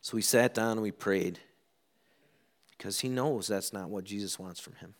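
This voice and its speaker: A middle-aged man preaching a sermon, telling stories and acting out quoted lines with lively ups and downs. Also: on the low side, normal speed. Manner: animated storytelling, acts out quotes. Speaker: pastor.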